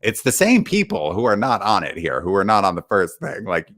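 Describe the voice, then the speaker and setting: A man co-hosting a casual reality-show recap chat, relaxed and chatty, laughing often. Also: lowish voice, fairly quick, dry recording, studio quality. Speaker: co-host.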